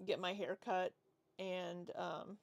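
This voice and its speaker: A woman's voice: on the low side, steady tone, slow pace, creaky, dry recording, lo-fi sound. A woman in her forties chatting casually on a livestream, rambling as she reads and answers chat. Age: 40s. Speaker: livestream host.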